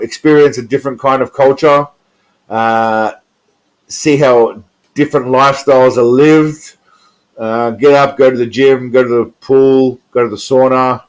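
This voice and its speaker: A man's voice: medium pitch, poor audio. Crude, chatty Australian man streaming. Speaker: streamer reacting to viewer comments. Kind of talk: casual live-stream chat.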